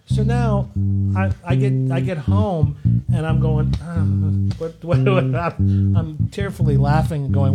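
A man's voice: on the high side, animated, measured pace, over loud music. A man co-hosting a casual chat, who keeps laughing as he tells a funny story. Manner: laughs often while telling a story.

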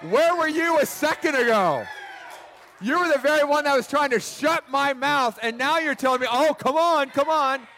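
A man voicing a blind male beggar who cries out loudly and persistently. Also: expressive, normal speed, few pauses. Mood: indignant. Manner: shouting, high and strained.

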